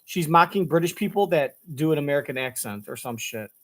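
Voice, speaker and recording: Profane male reaction commentator, sarcastic, slightly high voice. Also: animated, a little fast, a bit bright. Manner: crude, sarcastic, heavy swearing.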